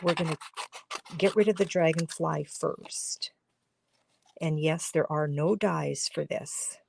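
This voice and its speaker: Slow, gravelly-voiced woman teaching a craft class. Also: deep voice, a little mellow. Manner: chatty and instructive, talking while coloring, often drops to a murmur. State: losing her voice. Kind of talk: live-streamed craft demonstration. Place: home craft studio.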